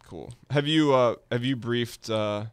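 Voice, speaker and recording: A man hosting a let's play, chatting casually in a relaxed, rambling way and laughing easily. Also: medium pitch, unhurried, a little hiss or hum. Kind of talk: casual gaming chat.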